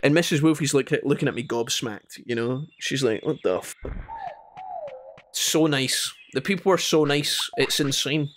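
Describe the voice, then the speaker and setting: A Scottish man chatting casually to his viewers while playing a game, telling animated stories between moves. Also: on the high side, normal speed, few pauses, a little hiss or hum. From Scotland. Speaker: gaming streamer. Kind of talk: casual gameplay chat with storytelling.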